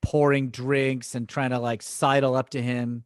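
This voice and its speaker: A man, an improv teacher guesting on a podcast, telling animated stories in casual chat and laughing often. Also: mid-range voice, unhurried, background noise.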